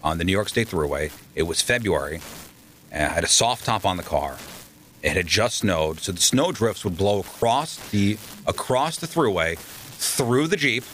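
Low-voiced man telling radio stories. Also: normal speed, slight background noise. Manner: animated anecdotes, acts out quoted voices. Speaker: radio DJ guest. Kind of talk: casual storytelling interview.

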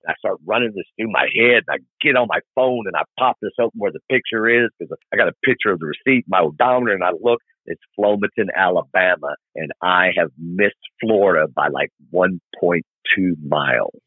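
A middle-aged motorcycle rider who covers long distances joins a podcast to tell stories, acting out scenes in a lively, informal manner. His voice is husky and fairly low, brisk with hardly any pauses, and the phone-like line sounds tinny and dry, with no room sound.

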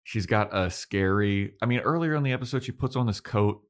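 A man's voice: lowish voice, brisk. A young man co-hosting a podcast in casual chat, laid-back and swearing freely as he recaps a TV episode and acts out characters' lines. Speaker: podcast co-host.

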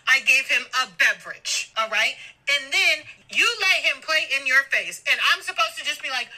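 A woman's voice: sits high, expressive, normal speed, bright, forceful tone, poor audio. A woman recording a heated, profane voice note on her phone while stopped on a road trip. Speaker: podcast guest sending voice notes. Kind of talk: ranting voice note. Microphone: phone voice memo.

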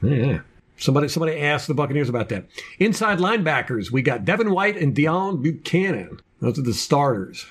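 Man, husky voice, lively rise and fall, casual sports podcast chat, reading out a roster. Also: fairly high pitch, brisk. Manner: reads through a depth chart, with jokey asides. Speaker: podcast co-host.

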